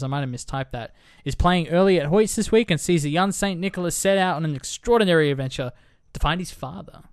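A man co-hosting a casual film podcast, animated and joking, sometimes stumbling over words. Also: fairly high pitch, fairly quick, hardly any pauses, clean tone. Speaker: podcast co-host.

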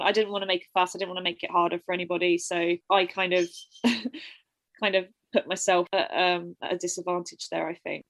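A woman's voice: medium pitch, dry recording, rough recording. A young woman, a first-time mother telling her own story openly in an interview, reflective and often quoting herself. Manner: open, reflective, often restarts and quotes herself. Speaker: interview guest. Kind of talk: candid personal account.

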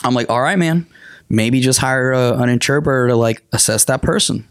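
A man with a gravelly, creaky voice chats casually on a podcast, telling lively stories and acting out what people said. He is recorded dry and close, with no room sound. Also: medium pitch, fairly quick, dry recording. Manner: animated storyteller, swears, acts out quotes. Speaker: podcast guest, interpreter.

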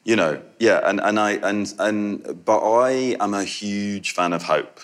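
A very low-pitched man with a Yorkshire accent talks casually about his film at an audience Q&A. He laughs often and trips over restarts as he speaks. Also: a little slow, a bit bright. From Yorkshire, England. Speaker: film director at a Q&A. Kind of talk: casual conversational answers.

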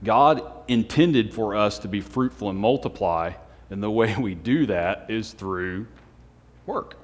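A man preaching a Sunday night sermon, speaking in a self-described monotone with joking asides to the congregation. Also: on the low side, measured pace. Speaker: pastor. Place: church hall on a Sunday night. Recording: long hall reverb.

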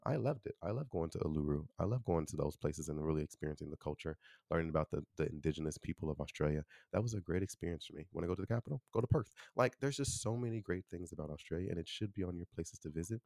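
A man's voice: deep voice, quick pace, dark tone, dry recording, studio quality. A young man from Chicago hosting a casual solo podcast, chatty and loose, with lots of "you know" and "like.". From Chicago, USA. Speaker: podcast host.

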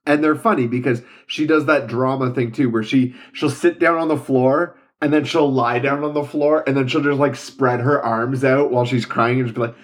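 A man's voice: mid-range voice, steady tone, moderate pace, few pauses. A young man and father chatting casually and with amusement about his toddler. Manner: amused, laughs while telling stories. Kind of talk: casual chat.

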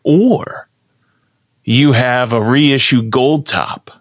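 A man's voice: mid-range voice, very slow, no echo, studio quality. A man co-hosting a podcast, introducing a game segment in a mock announcer tone and explaining it unhurriedly. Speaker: podcast co-host.

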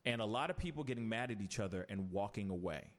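A podcast host with a lowish voice talks fast, chatting casually and ranting animatedly about TV shows. He mocks people by putting on quoted voices.

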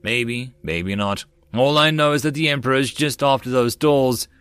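A man reading the part of a gruff male marine squad leader in an audiobook, barking orders. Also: mid-range voice, moderate pace, fairly bright tone, dry recording, lightly acted. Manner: barks orders.

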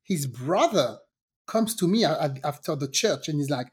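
A woman's voice: normal speed, slightly rough. A woman casually telling a personal story on a podcast, acting out the people in it with big swings in her voice and swearing freely. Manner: animated, acts out quoted voices with big pitch jumps, swears freely.

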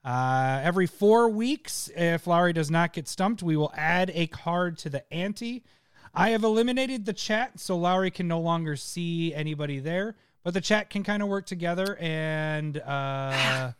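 A man co-hosting a casual chat show, playful and quick to laugh. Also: a little high, smooth, dry recording, studio quality. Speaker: podcast co-host.

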